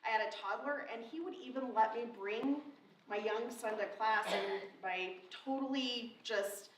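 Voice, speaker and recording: A woman's voice: a little high, a little slow. A woman in her forties, a state official, giving a heartfelt and conversational memorial tribute, laughing now and then. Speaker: Secretary of State speaking at a memorial. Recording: roomy echo from a distant mic, faint noise.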